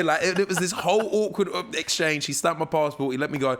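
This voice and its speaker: Speaking fast in a voice on the high side, this young South Londoner is a radio presenter appearing as a podcast guest. The chat is casual, and he tells his stories with energy, voicing the different characters himself.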